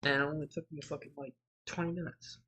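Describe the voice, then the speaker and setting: A man's voice: fairly high pitch, level tone, fast, bright, forceful tone, slight background noise. A man hosting a gaming channel, chatting casually and rambling through a story over his gameplay, losing his thread and swearing freely.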